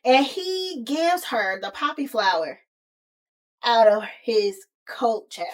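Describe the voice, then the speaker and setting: A woman hosting a podcast, recapping a movie in a casual, slangy, animated way, as if talking to a close friend. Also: fairly high pitch, takes it slowly. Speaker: podcast host.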